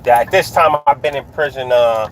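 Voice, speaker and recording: A man in casual, slangy storytelling, animated and full of restarts, recorded outdoors near traffic. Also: medium pitch, brisk, rough recording. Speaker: storyteller recounting prison life.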